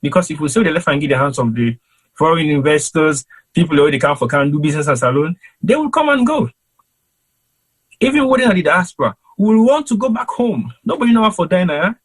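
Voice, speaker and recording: A Sierra Leonean man with a Krio accent gives impassioned commentary on a panel. His voice is a little husky and pitched somewhat high. He talks in an emphatic, rhetorical way, like a preacher. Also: animated, fairly quick, rough recording. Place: cold home in London.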